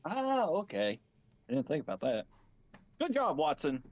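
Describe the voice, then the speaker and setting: Male player, higher voice with lively pitch, playful, laughs often. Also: normal speed. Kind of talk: casual game chat.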